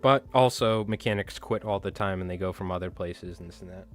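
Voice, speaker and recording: A man's voice: low-pitched, brisk, faint music behind. A man hosting a casual fly tying livestream who chats with viewers, rambles from one story to the next and swears freely.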